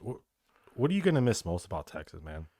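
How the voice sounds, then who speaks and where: A man's voice: lowish voice, big pitch swings, quick pace, dark tone, no echo, studio quality. A man hosting a podcast, asking questions in a laid-back conversational way. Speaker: podcast host. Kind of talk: casual interview questions.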